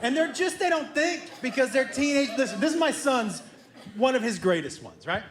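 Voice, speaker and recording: High, lively stand-up comedian on stage. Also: male voice, normal speed. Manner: animated, acts out family members in quoted voices. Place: theater stage before a live audience. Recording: roomy live theater sound.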